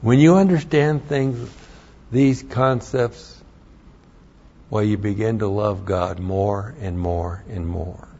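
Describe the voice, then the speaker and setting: Man preaching a Hebrew word study, slow and emphatic, repeats himself, dull lo-fi sound. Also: lowish voice, dark tone. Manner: emphatic, repeats key phrases, spells out Hebrew letters. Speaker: Bible teacher.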